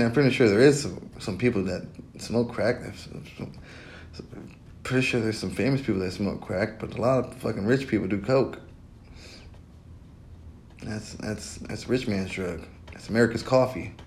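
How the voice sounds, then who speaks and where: A man's voice: fairly low pitch, darkish tone, slight background noise. Rambling, foul-mouthed man laughing often. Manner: rambling, heavy swearing, frequent laughter. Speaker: podcast host. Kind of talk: casual profane monologue.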